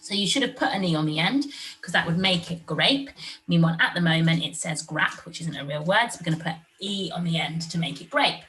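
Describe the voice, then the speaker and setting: A woman teaching young children in a recorded online lesson, sounding out words clearly and slowly. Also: on the low side, animated, fairly bright tone, recorded from a distance. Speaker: primary school teacher.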